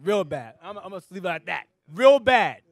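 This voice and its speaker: A man preaching to a room of men, telling animated stories and joking. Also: sits high, brisk, vocal fry, no room sound. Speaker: church leader. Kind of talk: preaching to a men's gathering.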